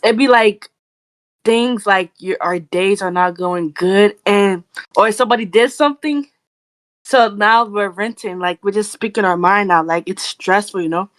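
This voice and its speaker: A woman's voice: medium pitch, measured pace, fairly bright tone, dry recording. A young woman co-hosting a casual podcast, talking in a rambling, chatty way with lots of "like" and "you know". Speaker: podcast co-host. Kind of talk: casual chat.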